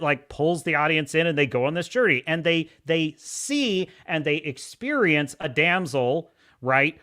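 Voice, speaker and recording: A man's voice: on the high side, sharp tone. A man hosting a live show, mockingly reviewing a film with frequent laughter and acted-out scenes. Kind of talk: sarcastic film review rant.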